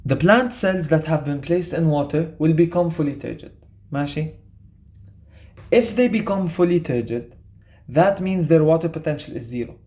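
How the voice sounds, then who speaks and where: A man's voice: a little high, moderate pace, darkish tone. A young man, tutoring biology in a casual, chatty way and often checking in with "okay?". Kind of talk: explaining a quiz to students.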